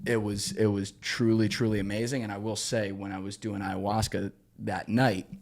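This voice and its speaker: A young man, a podcast guest, telling a long story with lots of swearing and sudden shouted quotes, acting out the people in it. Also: on the low side, level tone, normal speed, vocal fry. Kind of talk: animated storytelling in casual conversation.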